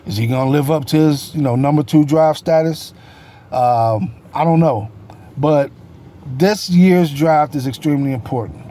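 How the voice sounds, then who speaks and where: A man's voice: on the high side, moderate pace, mellow. A man giving casual solo sports talk as a host, rambling and correcting himself with many fillers.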